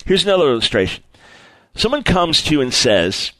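A man's voice: medium pitch, very animated, moderate pace, a bit bright, no echo, poor audio. A man preaching a sermon on apologetics, repeating phrases for emphasis and acting out the people in his stories.

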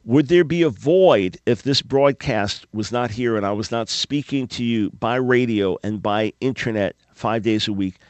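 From a radio studio, a man running a talk show pleads with listeners and preaches earnestly, stumbling a little and repeating words. His medium-pitched voice moves at a moderate pace with few pauses, and the studio microphone recording is dry.

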